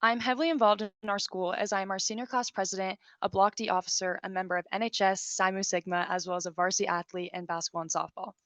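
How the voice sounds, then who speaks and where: A teenage girl, a senior-class president, reading a prepared speech in a steady, recited way. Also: mid-range voice, fast talker, few pauses, no echo. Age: teens. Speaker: student government officer. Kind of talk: prepared speech read aloud.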